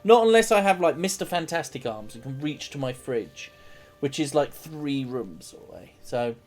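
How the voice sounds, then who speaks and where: A man's voice: fairly high pitch, expressive, normal speed. A man giving casual, rambling gameplay commentary as a streamer. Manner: rambling, chatty, self-mocking.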